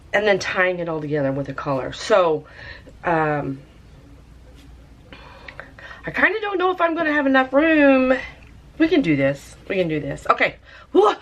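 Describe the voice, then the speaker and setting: A woman's voice: lowish voice, a bit bright. A woman chatting her way through a tie dye session with lots of fillers. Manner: chatty, rambling, many fillers. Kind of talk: casual craft demo. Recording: faint background noise.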